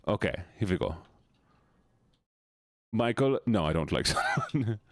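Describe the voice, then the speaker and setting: A man's voice: lowish voice, animated, unhurried, no room sound, clean studio sound. Playful male streamer with put-on accents. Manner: playful, jokey, keeps slipping into put-on accents and silly voices. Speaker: livestreamer. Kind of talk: casual live-stream chat with viewers.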